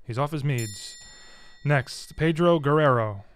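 A man's voice: mid-range voice, a little slow, clean tone. Dry-joking man listing cards. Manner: dry joking, lists cards one after another. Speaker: co-host opening card packs. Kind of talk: casual chat.

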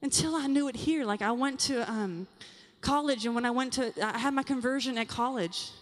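High-voiced woman speaking in a reverberant hall. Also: moderate pace. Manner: animated and confiding, addresses the audience directly. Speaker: conference speaker. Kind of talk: talk to a women's session at a youth conference. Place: large conference hall. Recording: long hall reverb from a large venue.

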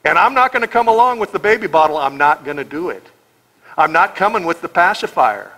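This American man delivers an expository sermon as pastor, going verse by verse with emphatic sarcasm and a stream of rhetorical questions. His slightly high voice is bright and forceful, brisk, with big pitch swings. The recording is low quality.

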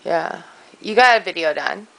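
Bubbly, excitable woman vlogger. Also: on the low side, moderate pace, gravelly, low-quality recording. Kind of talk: casual vlog chat.

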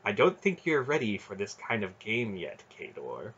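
Cool, wry sorceress aunt, voiced by a male reader, husky tone, dull lo-fi audiobook sound. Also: fairly low pitch, huge pitch swings, fairly bright tone, exaggerated voice. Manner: cool, wry, measured delivery.

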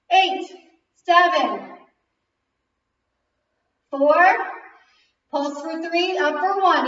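Woman fitness instructor, very high voice, unhurried cueing, out of breath, counting moves. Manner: energetic counting and cueing while exercising. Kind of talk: kickboxing class instruction. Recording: very echoey distant lo-fi recording.

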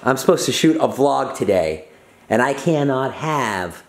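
A playful man chats and teases through a casual vlog, often pushing into loud, mock-dramatic outbursts. His pitch swings widely from line to line, and his tone stays lighthearted throughout. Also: lively intonation, measured pace. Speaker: vlogger host. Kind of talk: casual joking vlog chat.

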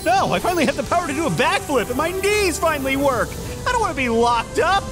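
A man's voice: extremely high pitch, big pitch swings, fast talker. A man voicing a sarcastic, nervous little male bug knight in a comedy fan-parody, bouncing between bravado and panic. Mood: wisecracking. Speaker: voice actor and channel host. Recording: music bed under the voice.

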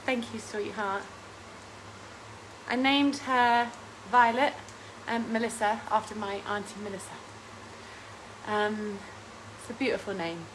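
A woman's voice: medium pitch, fairly even intonation, a little slow, a little hiss or hum, poor audio. A woman, hosting a casual home cooking stream, chatting and rambling with frequent laughs while reading out viewer comments. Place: home kitchen.

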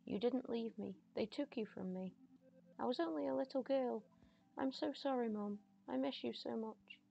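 A woman's voice: fairly high pitch, unhurried, gravelly, warm tone, highs cut off, faint music behind, pitched above the performer's own voice. A woman reading the lines of a grieving daughter who pleads with her dead mother in broken, emotional phrases in a narrative game. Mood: pleading.

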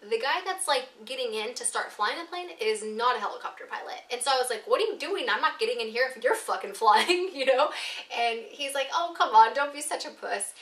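A woman telling an animated storytime vlog, swearing often and laughing between lines. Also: fairly high pitch, fairly quick, roomy sound, far from the mic. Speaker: vlogger.

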